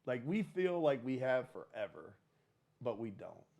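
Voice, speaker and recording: A man co-hosting a podcast in casual chat, halting and repeating words, often checking in with "right?". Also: mid-range voice, big pitch swings, vocal fry, a little mellow. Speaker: podcast co-host.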